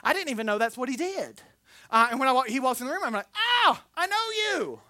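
A man preaches in a loose, storytelling way, slipping in jokes and taking on the voices of the people he describes. His tone is bright and ringing. The sound is dry and close, with no room echo. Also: extremely high pitch, lively intonation, racing. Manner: folksy and joking, acts out the people in his stories. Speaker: pastor. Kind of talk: conversational sermon storytelling.

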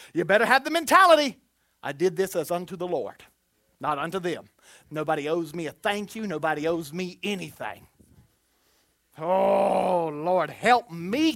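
A preacher giving a Pentecostal sermon in an animated, exclamatory manner, with call-and-response to the congregation. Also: medium pitch, dry recording, studio quality.

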